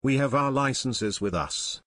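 A man's voice: medium pitch, lively intonation, a little slow, a bit bright, no echo. A man voicing a spirited teenage girl. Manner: spirited and self-assured.

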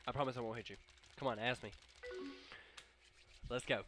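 A young man doing let's play commentary, with excitable, jokey and profane reactions. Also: mid-range voice, moderate pace, music in the background. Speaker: gameplay commentator.

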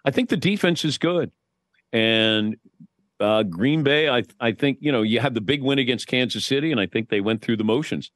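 A man's voice: mid-range voice, moderate pace, no echo, clean studio sound. A man in casual sports chat, telling stories with energy and putting on voices when he quotes people. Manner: animated storyteller, does voices when quoting. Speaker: guest.

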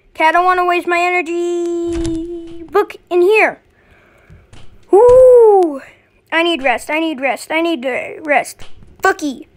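A woman giving let's play commentary, excitable and quick to panic. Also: very high voice. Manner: excitable, panicky, yelling in fright. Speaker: gameplay commentator.

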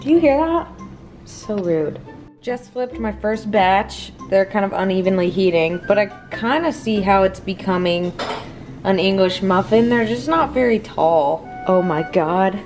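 A woman's voice: medium pitch, measured pace, darkish tone, faint music behind. A woman vlogger chatting casually as she bakes in her home kitchen, joking and laughing at herself often. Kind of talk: casual baking vlog chat.

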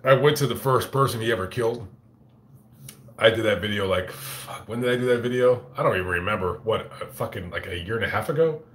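A man hosting his own livestream, chatting casually and profanely with many halting restarts, on a phone mic. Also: on the low side, fairly bright tone, slight background noise. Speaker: channel host on a livestream. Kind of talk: casual rambling livestream chat. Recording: echoey room.

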